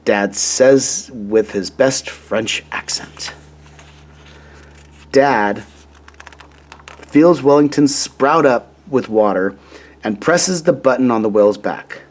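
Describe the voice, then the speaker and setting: A man reading a children's storybook aloud in a gentle, deliberate way. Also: medium pitch, expressive. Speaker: storybook reader.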